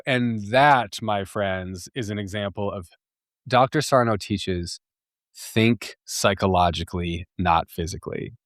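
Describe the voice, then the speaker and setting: A man's voice: on the low side, no room sound. Candid rambling man, dry close sound. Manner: rambling, frequent fillers and restarts, laughs at himself. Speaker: podcast host. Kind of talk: candid personal storytelling.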